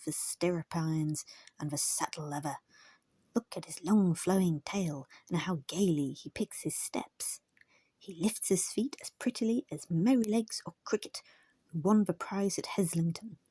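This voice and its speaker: Admiring storybook cow, woman reading, low husky voice. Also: no room sound. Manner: admiring and gentle. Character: admiring gentle cow, female.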